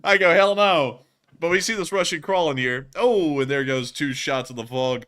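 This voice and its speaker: A man's voice: mid-range voice, moderate pace, a bit bright, smooth. A man hosting a livestream, commenting on war footage in a casual, jokey way with lots of laughter. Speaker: stream host.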